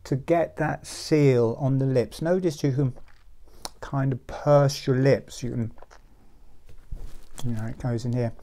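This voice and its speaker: A man giving guided breathing and relaxation instructions in a calm, soft-spoken way, often trailing into near-whispers. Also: medium pitch, takes it slowly, long pauses.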